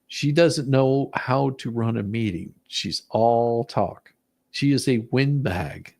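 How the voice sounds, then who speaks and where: A man with a gravelly, creaky voice reacts to video clips in a commentary vlog. He talks sarcastically, cracking mocking jokes and laughing often. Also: medium pitch, lively intonation, a little slow, darkish tone.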